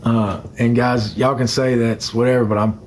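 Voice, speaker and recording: A man's voice: mid-range voice, level tone, moderate pace, a little mellow, slight background noise. A young man chatting casually on a phone livestream, rambling and greeting commenters by name.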